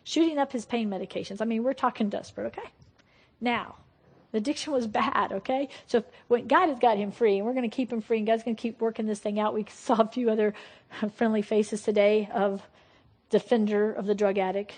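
A woman preaching a lively, conversational sermon and laughing often. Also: a little high, fairly quick, breathy edge. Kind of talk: sermon on deliverance.

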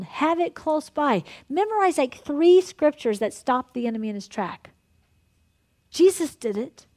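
Woman pastor preaching, chatty and laughing a lot, goes soft when she prays, kinda high voice. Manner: lively, laughing often, conversational preaching; drops to a soft, hushed tone in prayer. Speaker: pastor leading a ministry night. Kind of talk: sermon and guided prayer.

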